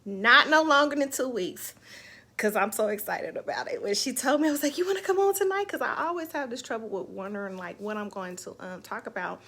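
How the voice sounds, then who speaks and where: A woman hosts an online live show, talking casually and emotionally about her faith and her week in heartfelt, faith-filled terms. Her medium-pitched voice is animated, fairly quick, pushed and bright.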